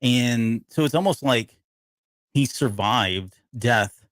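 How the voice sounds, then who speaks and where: A man's voice: medium pitch, slow pace, fairly bright tone, no echo. A man co-hosting a casual live podcast, rambling and often stopping to hunt for a word he has forgotten. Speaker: podcast co-host. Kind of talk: casual live TV-show breakdown chat.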